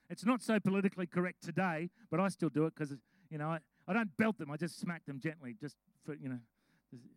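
Male pastor, high-pitched, relaxed sermon storyteller, dry recording. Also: no room sound, poor audio. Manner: chatty storytelling with laughs; reads scripture slowly.

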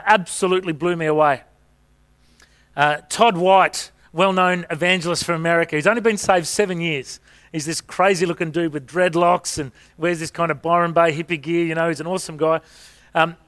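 A man's voice: sits high, sharp tone. A middle-aged man preaching a sermon, telling stories in a chatty way with rhetorical questions. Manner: conversational storytelling with rhetorical questions.

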